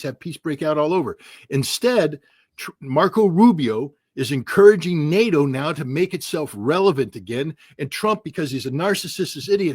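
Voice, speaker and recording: A furious man from the United States lays out his views as an interview guest, in a sharp, heated rant full of sarcasm. His voice sits a little high. The sound is dry and close, with no room around it. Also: husky, no room sound. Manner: angry, forceful, ranting, cutting sarcasm. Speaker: guest commentator. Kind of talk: heated political commentary.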